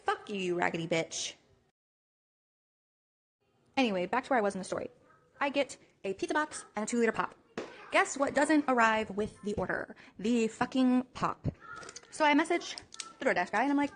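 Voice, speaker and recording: A woman podcast co-host telling a story in an animated, profane rant. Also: on the high side, fairly quick, long pauses. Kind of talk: casual ranting story.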